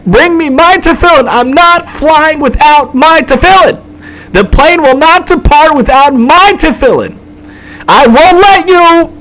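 A man voicing a frantic young man who screams and pleads over and over, pitched well above his own voice. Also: animated, unhurried, sharp tone, heavily acted, poor audio. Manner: screaming, desperate, repetitive.

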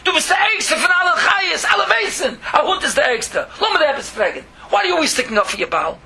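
Man putting on a scolding lion king, roaring and fast. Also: extremely high pitch, sing-song, pushed and bright, pitched above the performer's own voice, full character voice.

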